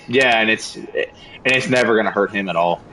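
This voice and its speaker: A young man streaming a game, telling a story in a casual, animated rant full of slang and cursing. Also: lowish voice, fairly quick, a crowd in the background, poor audio. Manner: animated, profane, slangy ranting. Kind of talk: casual storytelling while gaming.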